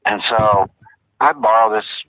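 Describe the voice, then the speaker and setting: A man's voice: fairly low pitch, fairly even intonation, measured pace, bright, forceful tone, no room sound, poor audio. An older man telling long, rambling stories in casual chat as co-host, often repeating himself.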